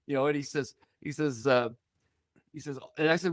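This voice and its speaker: An older man, a podcast guest, telling a deeply personal story with feeling, acting out the other people's words as he goes. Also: quick pace, dry recording, clean studio sound. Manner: emotional, animated storytelling with voiced quotes.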